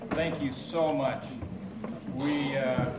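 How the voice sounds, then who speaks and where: A man moderating a conference, giving warm and appreciative thanks and introductions. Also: medium pitch, fairly even intonation, takes it slowly. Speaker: panel moderator. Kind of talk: formal event introductions. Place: conference hall. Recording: noisy echoey hall from far off.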